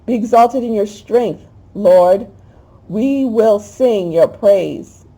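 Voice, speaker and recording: A woman hosting a spiritual talk, reading a prayer aloud in an emotional, halting way. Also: medium pitch, warm tone, husky, poor audio. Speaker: host.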